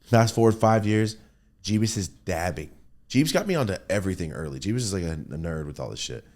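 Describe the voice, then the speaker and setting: A man's voice: low voice, a little fast. A man hosting a podcast, telling loose, profane stories in a casual chat and acting out what people said. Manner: loose, profane, animated storytelling with acted-out quotes. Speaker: podcast host.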